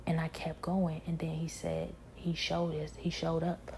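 Woman, personal testimony, earnest and halting, often half-whispered; very flat, dark delivery with a faint hiss behind. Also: low-pitched. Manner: earnest, halting, many restarts and filler phrases. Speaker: believer sharing a personal testimony.

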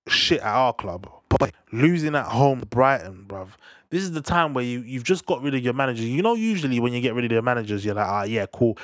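A young man ranting casually about football, animated and slangy, tagging "bruv" onto his lines. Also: on the high side, dry recording, clean studio sound. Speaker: football fan commentator. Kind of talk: casual rant to camera.

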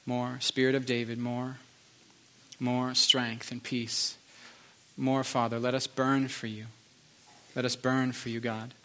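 A man pastoring a church service, leading a fervent prayer with repeated pleas, sometimes hushed. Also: mid-range voice, flat delivery, slow pace. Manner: fervent repeated pleading, soft and hushed at times. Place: church sanctuary.

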